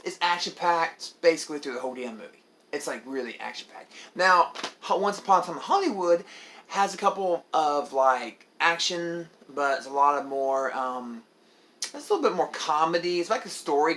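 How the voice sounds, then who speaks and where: A young man from Oklahoma rambling through a casual movie review vlog, excitable, with lots of fillers and swearing. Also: medium pitch, a little hiss or hum.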